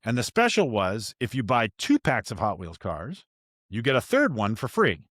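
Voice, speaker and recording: A man's voice: medium pitch, huge pitch swings, moderate pace, a bit bright, no room sound, studio quality. A man hosting a podcast, telling a story from his own parenting in a candid, self-reflective way with frequent restarts. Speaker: podcast host. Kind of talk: casual storytelling chat.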